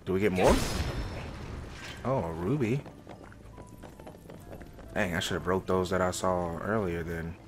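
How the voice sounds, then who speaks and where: A man's voice: low voice, a little hiss or hum. A man hosting a gaming channel, giving laid-back, chatty let's-play commentary straight to his viewers.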